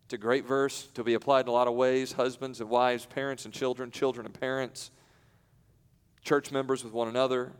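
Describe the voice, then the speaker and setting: A male pastor preaching a sermon in a conversational way, breaking off into quiet asides and then rising into loud, emphatic peaks. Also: medium pitch, level tone, fairly quick, clear, resonant tone. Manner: conversational, with self-interruptions and light laughs. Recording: long hall reverb.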